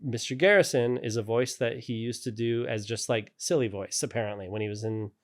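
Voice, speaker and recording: A man's voice: mid-range voice, a little fast. Rambling, laughing male animator. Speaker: character animator guest. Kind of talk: casual interview storytelling.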